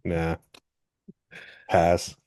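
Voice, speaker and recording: Brief: male comedy co-host, lowish voice, dry deadpan delivery. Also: extremely slow. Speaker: podcast co-host. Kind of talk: casual comedic chat.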